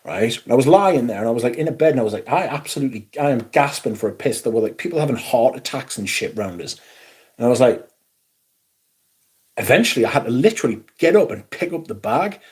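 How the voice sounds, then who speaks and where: A man's voice: mid-range voice, sing-song, quick pace, a little mellow. Sweary, rambling man. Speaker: livestream host. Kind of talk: casual livestream chat.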